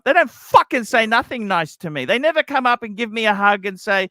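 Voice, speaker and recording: A man with a high, bright, ringing voice pours out grievances in a rambling livestream chat, swearing freely and feeling sorry for himself. The sound is dry and close, with no room around it. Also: animated, a little fast, hardly any pauses, no room sound. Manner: complaining, swearing, self-pitying. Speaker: livestream host.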